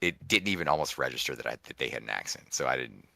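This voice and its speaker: Man, very low voice, bright tone, dry sound, casual podcast chat, rambling. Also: big pitch swings, quick pace, vocal fry, no echo. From DC area, USA. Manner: rambling, self-correcting. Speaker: podcast co-host.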